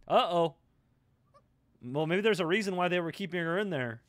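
A man's voice: high-pitched, lively intonation, normal speed, pauses often, dry recording. A young man hosting an anime reaction, blurting questions, swearing at the screen and cooing over cute moments. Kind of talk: live anime reaction commentary.

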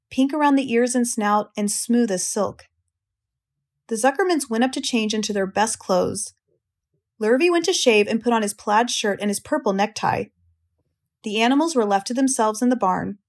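A woman with an American accent reading a children's audiobook aloud in a clear, measured way for English learners. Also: on the high side. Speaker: audiobook reader, English teacher.

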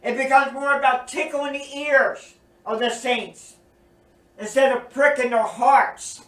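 Earnest high-voiced male preacher, echoey room. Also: steady tone, a little slow, sharp tone. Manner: earnest, repetitive, emphatic. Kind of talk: recorded sermon teaching. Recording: roomy echo, distant from mic.

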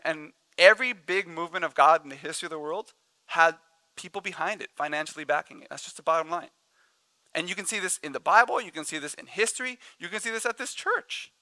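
Male pastor, bright crisp voice, animated storyteller, dry close sound. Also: high-pitched, brisk, dry recording, poor audio. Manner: animated storytelling preacher, laughs easily. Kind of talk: sermon. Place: church sanctuary.

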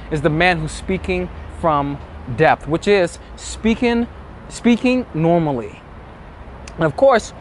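Man, dating coach, emphatic motivational talk, higher pitched voice, outdoors in the city, faint traffic. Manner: emphatic, acts out inner thoughts in quoted asides.

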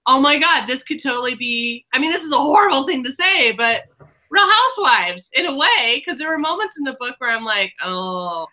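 A woman's voice: high voice, animated, brisk, sharp tone. A woman in a casual book club chat on a video call, telling long rambling stories with many restarts. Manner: chatty, rambling storyteller with restarts.

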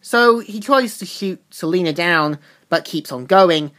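A woman talks through a comic's plot in a loose, casual recap, circling back and restarting her sentences as she goes. Her voice is fairly low for a woman. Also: expressive, a little slow, fairly bright tone. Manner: rambling retelling with loose restarts. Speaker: comic book reviewer.

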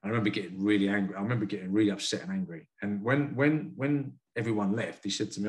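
A man from the UK, a karate sensei and boxing coach, telling stories frankly and earnestly as a podcast guest. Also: fairly low pitch. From United Kingdom. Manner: frank, earnest, quick to admit feelings. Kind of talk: candid storytelling in a podcast interview.

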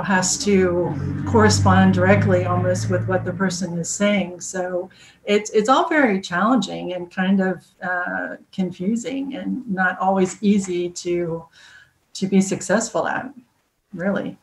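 A woman who works as a translator, speaking as a podcast guest in a hesitant way with many ums and restarts. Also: mid-range voice. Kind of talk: casual podcast conversation. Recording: roomy echo.

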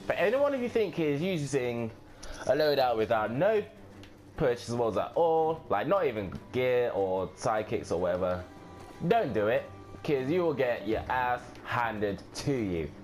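A man's voice: mid-range voice, very animated, measured pace, darkish tone, soft background music. A man giving casual, offhand gameplay commentary, swearing and thinking aloud as he plays.

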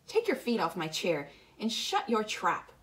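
Woman voicing a sharp-tongued teen cheerleader. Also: medium pitch, wildly swooping pitch, measured pace, pitched above the performer's own voice. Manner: biting, then softening. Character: pretty, cool-headed teen girl cheerleader.

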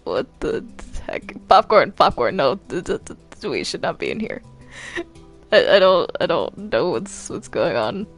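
A man's voice: on the high side, sing-song, unhurried, fairly bright tone, soft background music, full character voice. A man voicing a flustered male cartoon demon in a game role-play, stammering and repeating words. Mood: confused. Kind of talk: Minecraft role-play acting.

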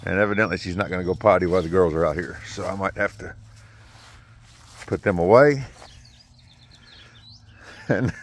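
A man's voice: sits low, normal speed, pauses often. Easygoing man in a yard. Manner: easygoing, coaxes the dog between remarks. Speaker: vlogger walking a new puppy. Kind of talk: casual running commentary. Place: outdoors in a yard.

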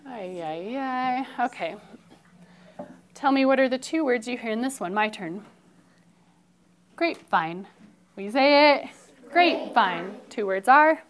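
Woman, young, first grade teacher. Bright, encouraging classroom delivery that draws words out. Slightly high voice, faint background noise. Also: expressive. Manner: upbeat, encouraging, drawn-out modeling of sounds. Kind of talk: classroom phonics lesson. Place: elementary classroom.

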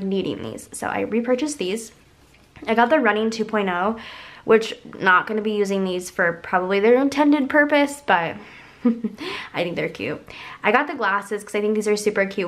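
A young woman talks through a shopping haul in a loose, chatty vlog style. Her voice sounds stuffy and congested. She rambles upbeat with plenty of "like" and "um". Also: mid-range voice. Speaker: haul vlogger. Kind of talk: casual chatty haul video.

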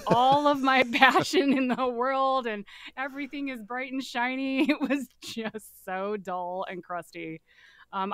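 A woman with a light Southern accent, a guest telling her story in a candid, animated, casual way. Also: medium pitch, dry recording, clean studio sound. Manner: candid, animated, swears freely.

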